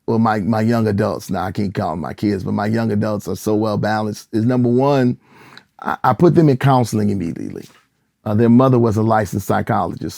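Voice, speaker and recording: A middle-aged gospel singer and pastor from Michigan tells stories in a relaxed interview, with a gravelly edge to his voice. He gets animated and acts out the people he quotes. The recording is close and dry, with no room sound. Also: on the low side, dry recording. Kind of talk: casual interview storytelling.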